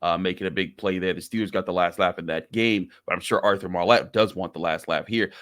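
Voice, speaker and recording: A man's voice: low voice, steady tone, fairly quick, fairly bright tone, dry recording, studio quality. A man hosting a sports podcast, talking conversationally with frequent stammered restarts. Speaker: podcast host. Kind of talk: casual sports podcast chat.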